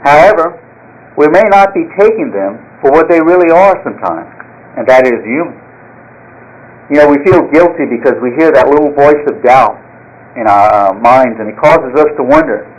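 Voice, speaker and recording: A man preaching a sermon as pastor, folksy and earnest, opening with a joke story. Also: on the high side. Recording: slightly dull lo-fi sound.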